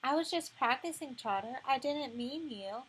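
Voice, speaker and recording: A woman doing a timid squeaky little boy. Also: expressive, normal speed, slight background noise, low-quality recording. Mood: timid, eager. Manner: soft, tentative, then squeaky shouts. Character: timid small boy, shy and hesitant. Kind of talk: audiobook reading.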